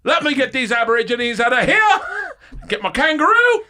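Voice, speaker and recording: A man's voice: very high voice, very animated, moderate pace, pushed and bright. A man on a comedy podcast improvising short mock monologues in goofy put-on foreign accents.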